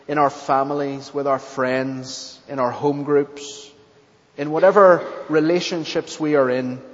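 A man preaching a sermon and leading a closing prayer in a church, with an earnest, measured delivery and deliberate pauses. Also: on the high side. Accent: not English. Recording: dull lo-fi church recording with long reverb.

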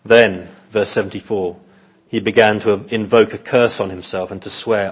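A man preaching an expository sermon in an earnest, measured way, often repeating words as he thinks. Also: fairly low pitch, steady tone, breathy edge, muffled recording.

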